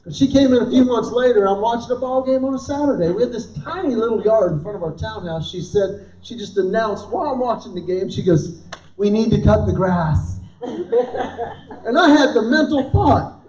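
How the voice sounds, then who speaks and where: A man in his fifties performs stand-up at a church event, narrating animated stories and acting out the dialogue of those in them for a live audience in a large hall. His voice sits high at a normal speed, with a little hiss or hum. The sound is distant, dull and roomy.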